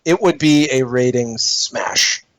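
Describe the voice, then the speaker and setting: A man's voice: mid-range voice, takes it slowly, fairly bright tone. A man co-hosting a comedy podcast, chatting with a dry, wry humor. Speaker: podcast co-host. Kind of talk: casual comedic chat.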